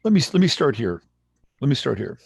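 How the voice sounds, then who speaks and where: A man hosting a livestream in casual chat, relaxed and rambling as he greets viewers. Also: mid-range voice, fairly quick, gravelly, breathy edge, dry recording. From San Jose, California, USA. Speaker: livestream host.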